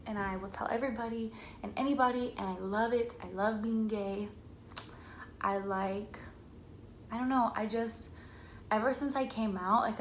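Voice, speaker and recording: A young woman vlogger telling a personal story to camera in a casual, chatty way, filling her talk with "like" and acting out quotes. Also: mid-range voice. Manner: chatty, says "like" a lot, quotes herself and family in lively voices. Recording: echoey room with faint ambient noise.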